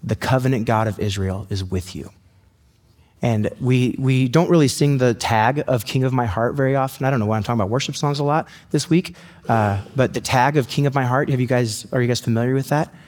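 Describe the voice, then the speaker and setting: A man preaching a sermon in a conversational, storytelling way, slowing down to read scripture. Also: mid-range voice, a little mellow, in a large hall. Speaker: pastor.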